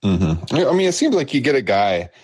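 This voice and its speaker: A man's voice: very animated, normal speed, darkish tone, slightly rough, no room sound. A man co-hosting a wrestling podcast, recapping a show in casual chat and laughing often. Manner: laughs often, quotes wrestlers with lifted pitch. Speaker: podcast co-host.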